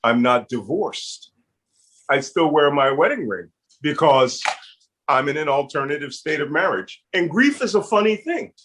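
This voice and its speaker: A man's voice: a little high, animated, measured pace, a bit bright. A middle-aged man with a Philadelphia accent, a guest telling personal stories in an earnest, heartfelt way with touches of humor. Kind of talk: casual interview storytelling.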